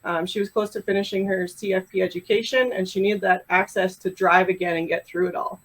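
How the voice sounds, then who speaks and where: A woman's voice: mid-range voice, fairly even intonation, a little fast, rough recording. Canadian pharmacist woman telling stories. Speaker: pharmacist and coach, podcast guest. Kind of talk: casual interview chat.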